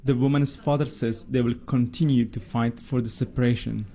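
A man delivering a scripted news report as a correspondent, in a measured, formal way. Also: medium pitch, fairly even intonation, creaky, warm tone, a little hiss or hum.

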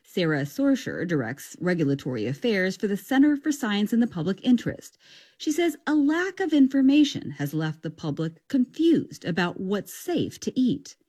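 A woman news reporter reads a scripted radio story in a measured broadcast manner. Her voice is lively in pitch and slightly husky.

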